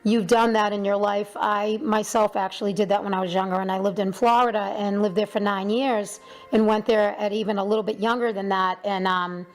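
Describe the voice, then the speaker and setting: A woman's voice: medium pitch, fairly even intonation, a little fast. A woman hosting an interview show, chatting casually with many fillers and restarts.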